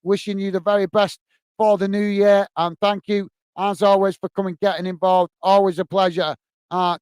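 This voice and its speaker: Running a football channel's livestream, this man casually works through viewer comments, all warmth and chatter with lots of "uh" and "mate." He has a high voice with a darkish, clean tone and no room sound.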